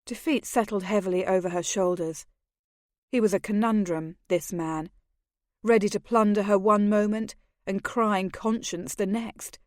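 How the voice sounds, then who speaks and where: A woman with a mid-range voice narrates a romance audiobook from a script, telling the story in a measured manner. The studio-quality recording has no echo.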